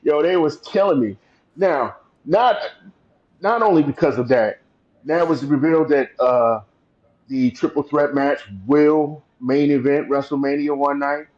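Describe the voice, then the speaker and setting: Relaxed man on a dull lo-fi mic. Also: a little high, measured pace. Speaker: podcast co-host. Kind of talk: casual wrestling chat. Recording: slightly dull lo-fi sound.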